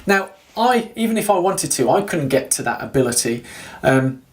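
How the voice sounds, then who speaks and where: A man's voice: a little high, big pitch swings, normal speed. A man recording a casual running vlog, talking to his viewers in a rambling way with lots of fillers and restarts. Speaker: running vlogger. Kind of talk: casual video diary talk to viewers.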